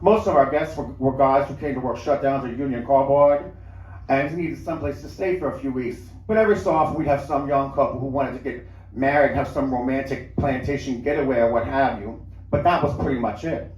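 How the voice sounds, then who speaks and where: A man's voice: medium pitch, a little fast, darkish tone, muffled recording. A man reading a first-person story aloud at a live show in a lounge, in a conversational, storytelling way. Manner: conversational storytelling with small restarts. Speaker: reader. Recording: roomy lounge, mic at a distance.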